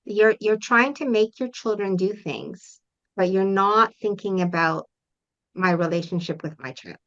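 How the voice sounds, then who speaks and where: A middle-aged woman with a bright, forceful voice explains her coaching approach earnestly, often pausing to check in with her listener. The audio is dull and lo-fi. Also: mid-range voice. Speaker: parent coach. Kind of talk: interview guest.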